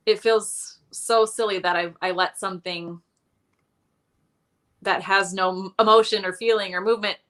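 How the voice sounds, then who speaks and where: As a guest in a casual interview, a woman recounts her money struggles with candid, self-mocking humor. Her mid-range voice is bright, forward and steady at a moderate pace, and she speaks loosely with frequent ums and restarts.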